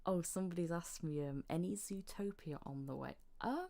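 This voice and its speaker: A woman's voice: on the low side, normal speed, gravelly, mellow. A woman hosting a voice-acting livestream, casually reading viewer questions with plenty of fillers. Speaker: livestream host and voice actor.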